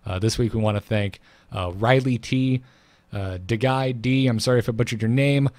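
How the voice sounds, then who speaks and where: A man co-hosting a casual gaming podcast, his pitch sitting right in the middle of the range. He laughs easily and reads listener mail in a loose, friendly way. The sound is close and dry. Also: steady tone, normal speed, darkish tone, dry recording. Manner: chuckles often, reads listener mail aloud. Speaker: podcast co-host.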